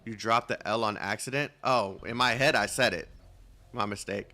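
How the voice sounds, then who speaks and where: A low-voiced man with a gravelly, bright edge streams a game. He talks casually and reads the dialogue aloud. He rambles, mocks himself and trips over names. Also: moderate pace. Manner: rambling, self-mocking, stumbles over names. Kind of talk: casual gameplay commentary, reading dialogue aloud.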